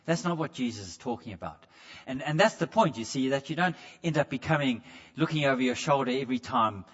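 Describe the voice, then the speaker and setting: A man's voice: mid-range voice, expressive, brisk, fairly bright tone, highs cut off. A man preaching a sermon in a conversational way, stumbling over repeated words and putting questions straight to the congregation. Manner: asks the congregation direct questions.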